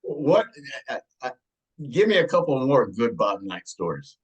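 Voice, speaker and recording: A man's voice: medium pitch, big pitch swings, a little slow, breathy edge, low-quality recording. A man hosting a casual interview who keeps prompting his guest for more stories. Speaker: interview host.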